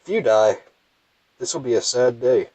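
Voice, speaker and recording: A man's voice: mid-range voice, moderate pace, mellow, no room sound, poor audio. A young man with a thick Southern US accent, rambling and self-deprecating as he comments casually on his gameplay. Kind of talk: casual let's play commentary.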